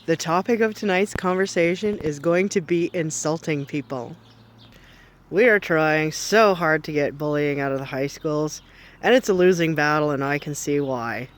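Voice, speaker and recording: A man's voice: a little high, normal speed. A man playing a brash foul-mouthed middle-aged mom, ranting sarcastically and mockingly to the camera in a comedic vlog. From Canada. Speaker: comedy vlogger.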